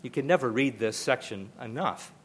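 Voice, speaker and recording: A man's voice: medium pitch, animated, normal speed, slight background noise. An older man preaching a sermon, emphatic and conversational, often repeating himself for emphasis. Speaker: pastor.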